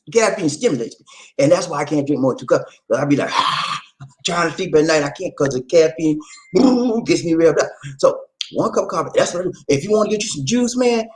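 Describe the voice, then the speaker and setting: Man, relationship talk host, live stream, lively up-and-down pitch, keeps repeating himself and asking viewers questions. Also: fast, rough recording. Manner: animated, repeats phrases, calls out to viewers.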